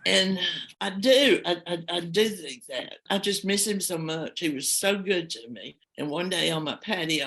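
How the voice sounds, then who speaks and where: Older lady, gravelly bright voice, emotional halting story. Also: low voice, low-quality recording. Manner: heartfelt, halting, emotional telling. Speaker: storyteller guest. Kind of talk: personal storytelling.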